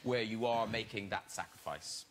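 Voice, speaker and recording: A man hosting a chat show, bubbly and quick to react to his guests. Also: lowish voice, fairly bright tone. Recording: studio audience and noise.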